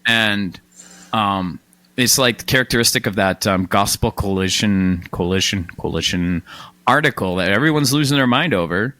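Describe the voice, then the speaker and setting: A man hosting a podcast in casual chat, animated and quick with self-deprecating asides. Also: on the low side, no echo. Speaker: podcast host.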